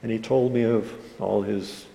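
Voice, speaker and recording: A male pastor with a low, dark, gravelly voice, preaching a sermon in which he tells an earnest story. His voice rings in a church hall with a long reverb and faint room noise. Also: steady tone, unhurried. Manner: earnest storytelling, quoting others in dialogue.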